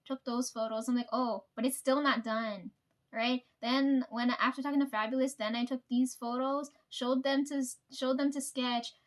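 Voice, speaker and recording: A woman's voice: high voice, fairly even intonation, moderate pace. A young woman telling rambling, profane work stories to the camera and laughing often. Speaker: vlogger. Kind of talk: casual storytelling.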